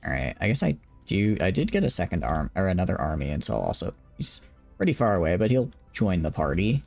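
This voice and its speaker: A man's voice: low voice, big pitch swings, quick pace, gravelly, a little mellow, soft background music. A tired young man casually commenting on his game during a late-night live stream, rambling and joking at his own expense. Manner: rambling, joking, self-deprecating.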